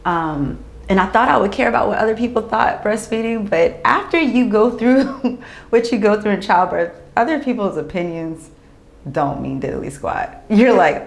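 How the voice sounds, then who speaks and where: A young woman speaks openly as a new mother in a documentary-style interview, mid-pitched and chatty. She acts out her own thoughts in little voices and gets emotional. The room around her sounds roomy and echoey. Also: expressive, normal speed, gravelly. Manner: emotional, laughs and tears up while talking.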